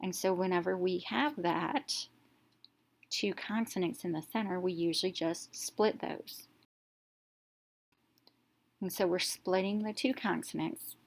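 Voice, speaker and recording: In this voice-over, a female teacher walks through a reading lesson, taking every step slowly and clearly. Her voice sits on the lower side.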